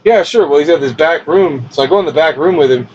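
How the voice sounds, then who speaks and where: A man's voice: on the high side, fast talker, darkish tone. A man who hosts a podcast and wrestles professionally, telling a story casually, laughing often and swearing freely. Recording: dull lo-fi recording with faint hiss.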